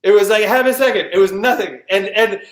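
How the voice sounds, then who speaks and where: A man telling a personal story at a live storytelling show, animated and full of restarts and vocal sound effects. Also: high voice, fairly quick. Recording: echoey room.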